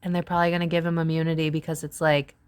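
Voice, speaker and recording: A woman in her thirties chats through a tarot reading in a casual, rambling way. She leans on fillers and lets her pitch jump around as she thinks aloud. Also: rapid-fire, clean tone. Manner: chatty, filler-heavy, animated pitch swings. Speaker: tarot reader. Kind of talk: casual psychic reading monologue.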